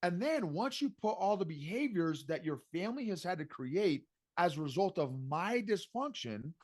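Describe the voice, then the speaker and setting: A middle-aged man speaks as a guest in a casual podcast interview, coaching listeners with animated emphasis. His voice sits a little higher than most men's. He keeps circling back to repeat his key phrases. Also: moderate pace. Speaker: guest, emotional intelligence coach.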